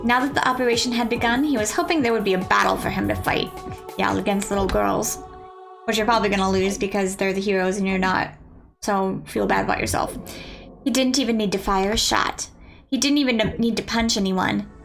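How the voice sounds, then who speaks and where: Lady reading a visual novel out loud, mid pitch, playful asides, music playing under her. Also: steady tone, brisk, creaky. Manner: playful, joking asides to listeners.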